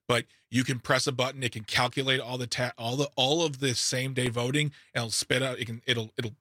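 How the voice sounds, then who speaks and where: A male talk radio host with a bright, forward voice, heard in a dry, close studio with no room sound at all. He chats loosely, jumps into sarcastic asides and trips over his words as he restarts sentences. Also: mid-range voice, steady tone, fairly quick, no echo. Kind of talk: casual political radio chat. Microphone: studio microphone.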